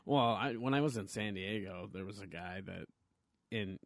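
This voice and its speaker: A man's voice: lowish voice, moderate pace, gravelly, no room sound, clean studio sound. A man hosting a comedy podcast, chatting casually in a rambling, self-deprecating way with lots of fillers. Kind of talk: casual chat.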